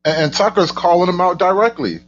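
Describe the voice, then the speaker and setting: A man's voice: sits high, fairly quick, a bit bright, muffled recording. A man hosting a casual reaction commentary, stumbling over and repeating his words, with mock outrage and sarcasm. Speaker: host of a political commentary channel.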